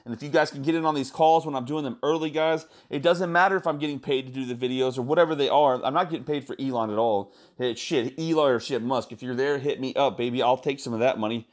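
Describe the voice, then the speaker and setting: A man talking fast and excitedly in a casual vlog, swearing a lot and calling his viewers "guys.". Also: medium pitch. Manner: excited, profane, repeats "guys". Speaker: crypto YouTuber.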